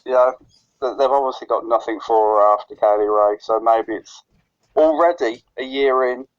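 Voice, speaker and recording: A man co-hosts a podcast in loose, casual chat, tripping over his words and starting sentences again. His voice sits at a middling pitch. The recording sounds muffled and lo-fi. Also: normal speed. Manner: stutters and restarts phrases. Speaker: podcast co-host. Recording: lo-fi dull recording.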